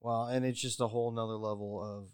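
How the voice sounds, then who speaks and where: A man co-hosting a casual podcast, chuckling and chiming in with quick quips. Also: lowish voice, flat delivery, smooth, no echo, clean studio sound. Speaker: podcast co-host. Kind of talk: casual chat.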